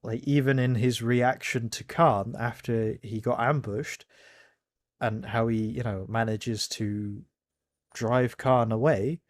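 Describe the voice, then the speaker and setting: A man's voice: mid-range voice, fairly even intonation, takes it slowly, no echo, clean studio sound. A man hosting a reaction video, talking casually and correcting himself as he rambles. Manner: rambling, self-correcting, candid.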